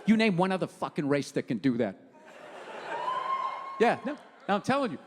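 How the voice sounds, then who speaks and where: A middle-aged man doing a stand-up comedy rant, profane and exasperated, breaking into shouts. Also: high-pitched, big pitch swings, moderate pace, noisy background. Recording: reverberant theater stage.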